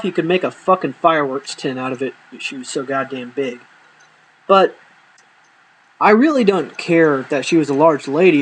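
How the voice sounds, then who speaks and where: A young man with a slightly high voice tells comic stories from his own life, and the audio is poor with slight background noise. He swears a lot, exaggerates, and delivers his punchlines deadpan.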